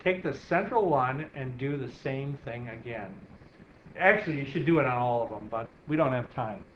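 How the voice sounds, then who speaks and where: A man's voice: mid-range voice, normal speed, roomy sound. Man teaching a geometry lesson. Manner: walks students through steps, asks them questions. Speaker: math teacher. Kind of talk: classroom lecture while drawing on the board. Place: classroom. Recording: dull lo-fi classroom recording with faint hiss.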